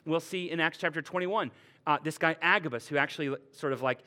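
A man preaches a sermon with a slightly raised pitch. He talks in a relaxed, conversational way and keeps it lively with playful retellings. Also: brisk. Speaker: pastor.

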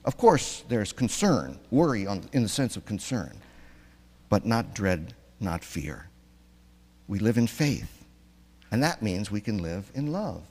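A man's voice: lowish voice, big pitch swings, unhurried, a little mellow, husky. A man giving a sermon in a conversational way, asking his congregation questions, recorded in a church. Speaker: preacher. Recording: long reverb in a church.

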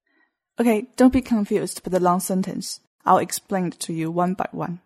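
A woman's voice: lowish voice, dark tone, soft background music. A young adult woman hosting a podcast lesson, patiently explaining Mandarin phrases one by one in English. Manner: slow, patient explaining, switching between English and Mandarin examples. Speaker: Mandarin teacher.

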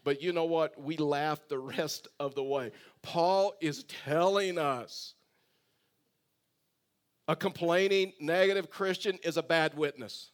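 Male pastor, sermon, chatty storyteller, slightly high voice. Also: steady tone, normal speed, few pauses. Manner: conversational storytelling, rhetorical questions.

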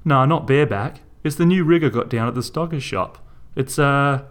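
A man's voice: medium pitch, normal speed, pitched above the performer's own voice, close to an everyday voice. A man voicing a tipsy, easygoing teenage male rider who rambles casually.

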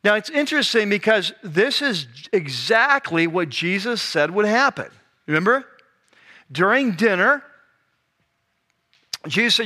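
Bright, high-voiced male preacher. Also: normal speed. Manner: animated, conversational, acts out scenes. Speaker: pastor. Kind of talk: sermon.

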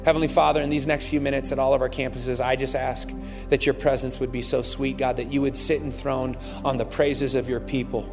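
Fervent preacher in an echoing hall. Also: male voice, medium pitch, little pitch movement, a little fast, over music. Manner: fervent, preacherly, reads aloud with rising intensity. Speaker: pastor. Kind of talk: sermon reading scripture. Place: large church auditorium. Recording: long hall reverb.

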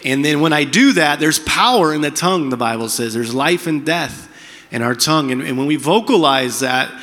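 Middle-aged male pastor, candid and chatty delivery, bright tense tone. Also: a little high, expressive, moderate pace, in a large hall. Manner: candid, conversational preaching with frequent restarts. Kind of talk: sermon.

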